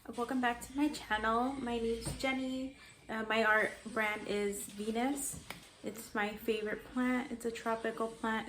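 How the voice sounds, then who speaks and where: A young woman vlogger rambling through a personal story in a fairly high voice that barely rises or falls. A faint hiss of noise sits under the recording. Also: fairly bright tone. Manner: rambling, chatty, sidetracked. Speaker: artist vlogger. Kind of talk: casual storytelling vlog.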